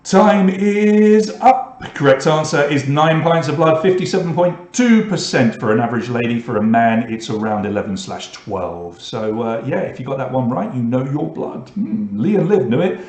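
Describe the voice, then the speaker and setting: British male quiz host, mid-pitched, easygoing and chatty, runs through questions and standings with offhand jokes; roomy echo on the mic. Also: normal speed, few pauses, darkish tone. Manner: chatty, reads questions and scores with asides. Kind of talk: online pub quiz hosting.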